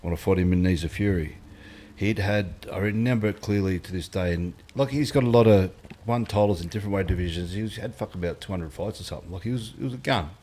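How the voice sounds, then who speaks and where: A man's voice: sits low, fast, dark tone, a little hiss or hum. A middle-aged Australian man, a former fighter, chatting on a podcast in a blunt, sweary way and acting out quotes as he tells stories. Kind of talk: casual podcast chat.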